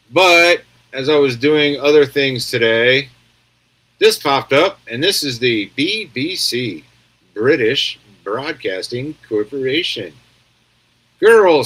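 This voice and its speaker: An American man in a casual home live stream, riffing on the news with a rambling, sarcastic edge. His voice sits at an ordinary middle pitch, and he often stops to read out viewer comments. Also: sharp tone, poor audio. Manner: rambling, sarcastic, reads chat comments aloud.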